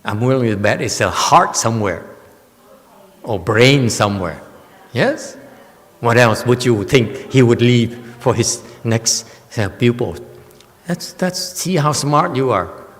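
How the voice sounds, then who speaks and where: Slow-talking teacher in an echoing hall. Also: male voice, mid-range voice, very animated, fairly bright tone. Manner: teasing, chuckling, wryly joking with listeners. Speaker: Buddhist teacher. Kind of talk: Dharma lecture. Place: temple hall.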